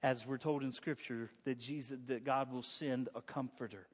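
A man's voice: mid-range voice, fairly even intonation, normal speed, breathy edge, in a large hall. A male pastor preaching a sermon in a church, conversational and joking with the congregation. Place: church sanctuary.

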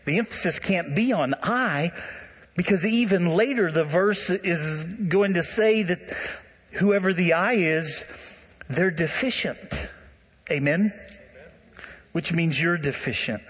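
An animated male preacher talks straight to his congregation. His voice sits a little high and carries a slightly husky edge. The long reverb of a church sanctuary trails after every phrase. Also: slow. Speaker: pastor. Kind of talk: sermon.

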